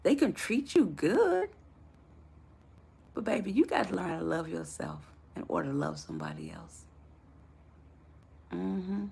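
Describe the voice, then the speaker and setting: A woman's voice: on the low side, big pitch swings, unhurried, gravelly, pauses often, mellow, slight background noise. A woman life coach giving a motivational live talk to her viewers, affectionate and preacher-like in her encouragement.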